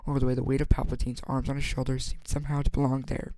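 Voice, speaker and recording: A man's voice: mid-range voice, monotone, mellow, slight background noise. A man reading a novel aloud as an amateur, stumbling and restarting words often. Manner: halting, frequent stumbles and restarts. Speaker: audiobook reader.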